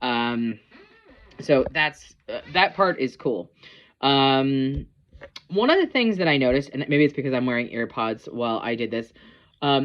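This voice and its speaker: A woman's voice: extremely low pitch, dull audio. A woman casually reviewing a TV episode, rambling with lots of ums and likes. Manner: rambling, filler-heavy, chatty.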